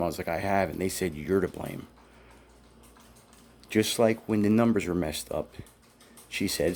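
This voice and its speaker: A former employee tells his own story in a casual first-person account, aggrieved, blunt and profane, quoting what others said to him. He has a low, slightly mellow voice, talks at normal speed, and pauses often. There's a little hiss or hum.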